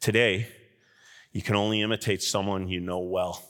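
A middle-aged man preaching a sermon as pastor, his voice rising sharply at points of emphasis, with frequent chuckles mid-sentence. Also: moderate pace. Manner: animated, with sudden rises in pitch and loudness.

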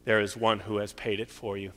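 A man's voice: fairly low pitch, flat delivery, a little fast, a bit bright, slight background noise. A middle-aged man preaching a sermon and closing in prayer as pastor, earnest and pleading, rising to strong emphasis. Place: church sanctuary. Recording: long hall reverb.

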